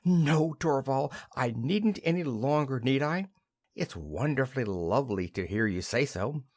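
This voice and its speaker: A man's voice: mid-range voice, big pitch swings, measured pace. A man voicing a cheerful, chattering young wife in an audiobook play reading.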